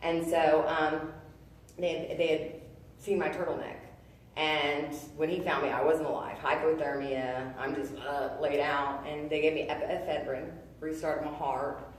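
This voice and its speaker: Low-voiced woman in an echoey room. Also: level tone, far from the mic, slight background noise. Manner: halting, earnest, many fillers and restarts. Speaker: testimony speaker. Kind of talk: personal testimony.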